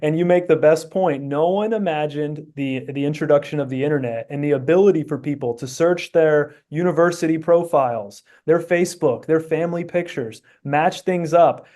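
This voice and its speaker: A man speaks as a podcast guest, laying out his reasoning earnestly with many fillers and restarts. His voice is mellow and dark in tone, though pitched a little high. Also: moderate pace, hardly any pauses. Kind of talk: casual chat.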